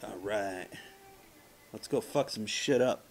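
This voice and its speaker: A man's voice: fairly low pitch, slow, faint music behind. A man casually commenting on his gameplay, profane and self-mocking, trash-talking the game's enemies. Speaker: let's play gamer.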